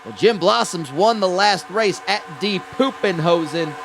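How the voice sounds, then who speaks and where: Rambling high-voiced male race commentator. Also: expressive, unhurried, creaky, music in the background. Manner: rambling, folksy, stumbling over words. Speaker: play-by-play commentator.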